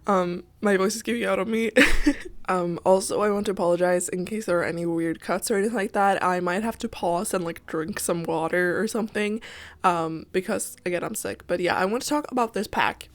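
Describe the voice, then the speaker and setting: A young woman, sick with a stuffy nose, chatting casually and rambling with lots of ums and likes as she narrates her game build. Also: medium pitch. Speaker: Sims builder vlogger. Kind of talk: casual voice-over chat.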